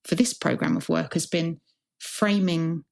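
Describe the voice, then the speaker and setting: A woman's voice: sits low, lively intonation, measured pace, creaky, darkish tone. A woman who is a hospital chief information officer, answering interview questions in an earnest, reflective way and building her points as lists.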